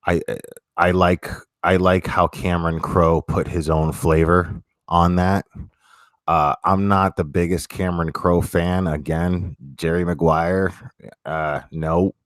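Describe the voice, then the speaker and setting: Very deep-voiced man in halting casual chat. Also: fairly even intonation, no room sound, studio quality. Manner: halting, many restarts and fillers; blunt, swears casually. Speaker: streamer reading chat.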